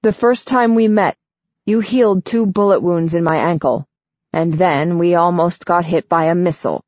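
A woman's voice: on the low side, moderate pace, a little mellow, no echo, lightly acted. A woman voicing an earnest teenage boy who leads the group, in an audiobook. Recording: dull, dry studio sound.

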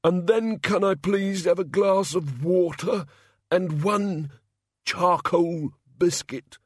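A man voicing a fat, queasy male god of indigestion who mumbles slowly in a pained way. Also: high-pitched, breathy edge, dry recording, studio quality, pitched above the performer's own voice, full character voice.

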